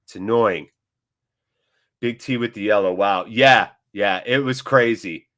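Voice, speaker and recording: A man's voice: fairly low pitch, measured pace, fairly bright tone. A chatty man hosts a live football watchalong. He mixes play-by-play reactions with casual banter. He keeps a playful, friendly tone and answers viewers in the chat by name. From United States. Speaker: host of a fan channel.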